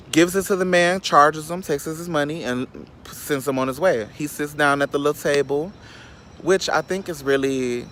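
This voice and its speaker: A sassy vlogger from Chicago's South Side rants through a casual storytime in a medium-pitched voice, with slight background noise. He's animated and profane, tossing quick asides to viewers.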